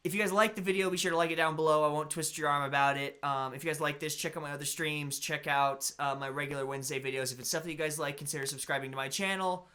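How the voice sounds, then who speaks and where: A tired man chatting casually with viewers as the host of a live stream. His voice sits a little high and sounds bright and forceful. He stumbles, stutters and pauses often. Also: steady tone. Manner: stuttering and pausing a lot.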